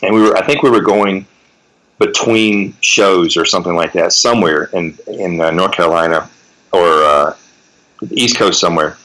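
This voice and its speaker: A man in his forties, a guest in a casual interview, telling animated road stories and swearing freely. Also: low-pitched, moderate pace, low-quality recording. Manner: animated storyteller, swears freely, acts out quotes.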